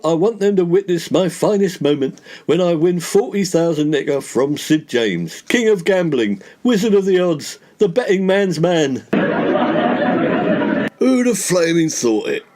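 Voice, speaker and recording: A man's voice: on the high side, expressive, a little slow, a little mellow. A man voicing a pompous, grumbling, self-important middle-aged Englishman who blusters indignantly.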